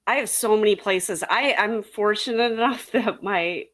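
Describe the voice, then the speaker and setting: A woman's voice: medium pitch, moderate pace, fairly bright tone. A woman chatting casually as a podcast panelist, rambling a bit and hesitating with fillers. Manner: rambling, hesitant, laughs often.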